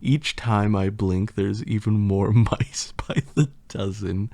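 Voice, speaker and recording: A man's voice: lowish voice, fairly even intonation, slow, dark tone, no echo. A man reading a playful poem for an ASMR video, repeatedly breaking into laughter as he reads. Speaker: ASMR creator.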